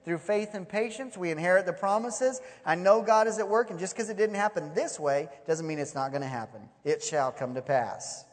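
A man preaching a sermon, telling stories in an animated way and acting out the voices. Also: high voice, moderate pace, hardly any pauses. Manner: animated storytelling, acts out voices. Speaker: pastor. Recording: long hall reverb.

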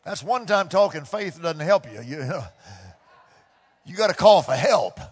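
High-voiced preaching pastor in a big hall. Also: male voice, expressive, measured pace, slightly rough. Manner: preaching with rising shouted peaks. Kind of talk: sermon. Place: church sanctuary. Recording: long reverb of a large hall.

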